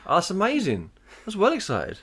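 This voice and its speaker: A man's voice: high voice, huge pitch swings, fairly quick, a crowd in the background. Guy chatting on a podcast, voice jumps all over, swears a lot, jokey. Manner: swears freely, jokey and rambling. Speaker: podcast co-host. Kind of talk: casual chat.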